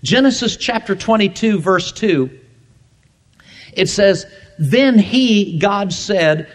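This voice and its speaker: A man with a high-pitched voice preaching a sermon. He is emphatic and leans on repetition, drawing out key words to stress them. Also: animated, slow, long pauses. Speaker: pastor.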